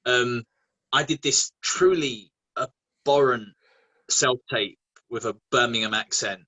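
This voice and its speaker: A man, a guest actor chatting casually in an interview, animated and quick to laugh. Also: mid-range voice, low-quality recording. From England. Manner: animated, laughing, many restarts.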